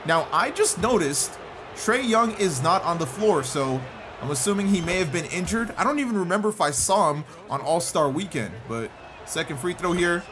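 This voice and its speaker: A man giving excited gameplay commentary as a gaming YouTuber, shouting and groaning at the game as it goes. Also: high voice, moderate pace, noisy background. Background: game music and sounds.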